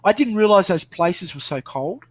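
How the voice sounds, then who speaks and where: A man's voice: high-pitched, lively intonation, moderate pace. An older Australian man chatting casually, rambling and self-deprecating with many restarts. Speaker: interviewee. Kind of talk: casual video call chat.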